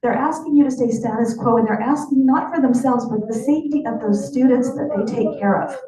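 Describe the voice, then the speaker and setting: A woman addressing a school board as a union vice president, reading a teacher's letter in a measured, formal way. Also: a little high, mellow. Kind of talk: public comment reading a letter. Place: large public meeting hall. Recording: echoey hall, distant mic, faint ambience.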